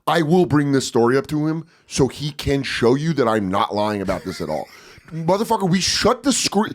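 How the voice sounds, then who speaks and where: A man in his forties, a guest on a podcast, tells a story casually at a normal speed and medium pitch. He's profane and animated, loudly acting out voices.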